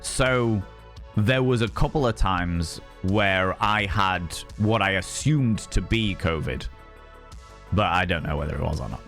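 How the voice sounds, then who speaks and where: Chatty, cussing streamer. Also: male voice, deep voice, animated, measured pace, faint music behind. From Yorkshire, England. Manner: chatty and swearing, greets viewers warmly by name. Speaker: livestream host. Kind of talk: casual live-stream chat.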